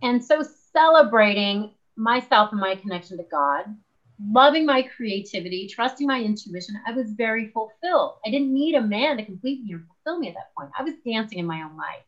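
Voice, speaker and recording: A woman's voice: on the high side, a little fast, muffled recording. A woman guest author talking in an interview, telling stories animatedly and acting out the voices she quotes. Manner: animated storyteller, acts out her own quoted voices. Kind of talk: conversational interview.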